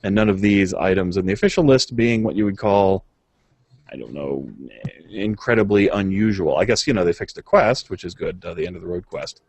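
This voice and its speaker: A man's voice: low-pitched, lively intonation, fairly quick, a little mellow, breathy edge, dry recording. Man reading patch notes, dry sound. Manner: reads notes aloud with many filler uhs and chuckles. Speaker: podcast co-host.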